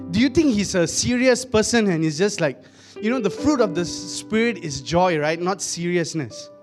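A male pastor delivering a sermon in a chatty, humorous way, stumbling and repeating words as he goes. His voice sits on the high side. He addresses the congregation directly and keeps things light.

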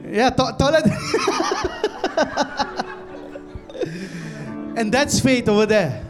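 A man from Malaysia preaching a sermon, telling an animated story with many repeated phrases that builds to fervent exclamations. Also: extremely high pitch, extremely slow, over music. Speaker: pastor.

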